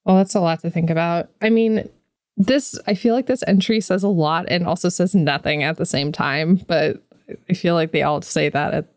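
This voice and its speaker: A woman's voice: fairly low pitch, moderate pace, darkish tone, dry recording, clean studio sound. A woman co-hosting a podcast, chatting casually with many fillers and reading lore text aloud. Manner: chatty, filler-heavy, laughs often. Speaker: podcast co-host.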